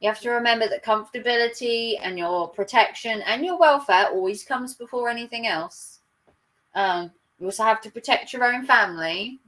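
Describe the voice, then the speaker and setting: A woman's voice: on the high side, expressive, a little fast, bright, forceful tone, poor audio. A woman hosting a livestream, chatting casually and rambling with many fillers. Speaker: livestream host. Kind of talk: casual reaction chat.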